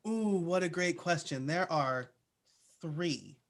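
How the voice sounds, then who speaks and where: A man's voice: on the high side, normal speed, a bit bright. A man answering interview questions in a casual, chatty way, with plenty of "uh" and "like" fillers. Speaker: podcaster guest.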